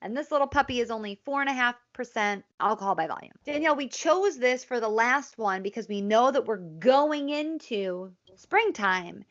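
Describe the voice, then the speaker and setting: A woman's voice: a little high, expressive, normal speed, few pauses, fairly bright tone. A woman co-hosting a casual beer review over a video call, playful and theatrical in how she talks. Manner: playful, theatrical, fond of mock-dramatic lines. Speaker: co-host of a beer review show. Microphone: video call setup. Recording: dull lo-fi video call audio.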